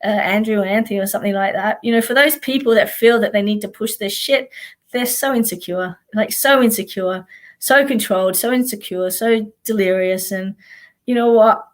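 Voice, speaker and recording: A woman's voice: mid-range voice, moderate pace. An Australian woman, a psychic, chatting casually on a live stream in a blunt, sweary way and often laughing.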